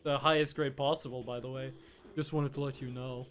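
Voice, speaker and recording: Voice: medium pitch, steady tone, fairly quick. A young adult streamer, casually chatting while gaming and telling rambling, profane stories. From Norway. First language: Norwegian.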